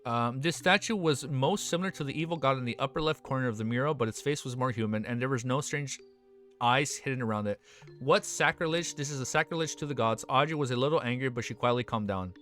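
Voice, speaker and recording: A man's voice: mid-range voice, quick pace, faint music behind. Casual man reading a web novel aloud. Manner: slangy, excitable asides. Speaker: web novel reader and reactor.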